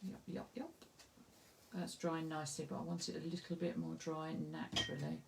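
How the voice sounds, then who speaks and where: A woman's voice: sits low, very animated, moderate pace, gravelly, very noisy. A woman with an Essex accent teaching a live painting demonstration, chatting and thinking aloud as she works. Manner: chatty, self-deprecating, thinks aloud while working. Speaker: craft tutor.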